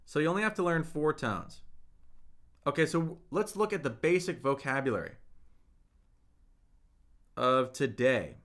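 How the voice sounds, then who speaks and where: A man teaching a livestreamed Mandarin lesson, slowly modeling words for viewers to repeat and chatting with the chat between them. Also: mid-range voice, animated, fairly bright tone. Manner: slow, drawn-out modeling of words for repetition; chatty, reads viewer comments aloud.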